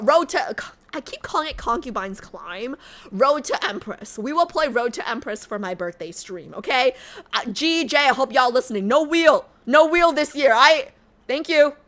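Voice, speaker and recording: A woman streams and talks casually with her chat in a fairly high, bright voice. She rambles with constant "like"s. Her pitch swings widely when she flares into a rant. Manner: rambling, heavy use of "like", flares into loud rants.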